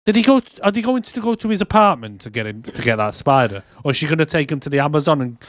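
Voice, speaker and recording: A man's voice: a little high, sing-song, quick pace, no room sound, studio quality. Sarcastic man, casual podcast chat. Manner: sarcastic, swears often, acts out scenes in quotes. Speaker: podcast co-host. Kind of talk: casual movie review chat.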